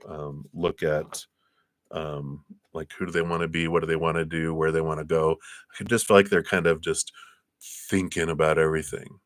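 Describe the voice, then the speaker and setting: Deep-voiced man giving tarot readings. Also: a bit bright, dry recording, clean studio sound. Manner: chatty, acts out little scenes in higher voices. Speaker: tarot reader.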